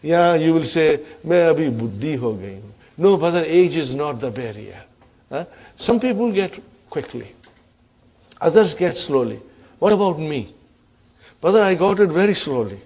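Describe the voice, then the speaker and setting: A middle-aged male Arabic teacher with a slightly high voice lectures his class in plain, encouraging English. He quizzes the students often and says Arabic phrases slowly and deliberately. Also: a little mellow.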